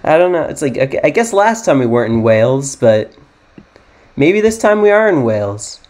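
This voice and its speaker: A man's voice: medium pitch, big pitch swings, moderate pace, darkish tone. A young American man giving casual, self-mocking commentary as he plays a geography guessing game, rambling and thinking aloud. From United States. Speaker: gaming YouTuber.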